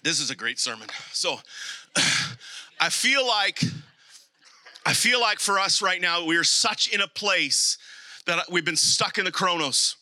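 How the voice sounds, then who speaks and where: Male pastor for a sermon: high, very bright, dry close sound, swings between fervent and hushed. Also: measured pace, no echo. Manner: rising to animated emphasis, dropping to soft intimate appeals; repeats rallying asides like "come on now".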